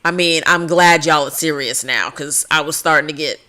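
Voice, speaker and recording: A stern young street-gang leader who lectures his crew about getting serious, as a woman puts him on in her own low voice. He speaks in a steady, everyday tone without a heavy character voice. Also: moderate pace. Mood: stern lecturing.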